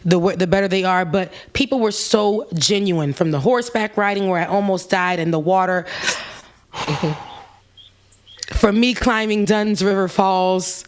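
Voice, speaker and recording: Woman, co-host, casual storytelling, mimics others, mid pitch. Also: unhurried. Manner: animated, mimics people with raised pitch.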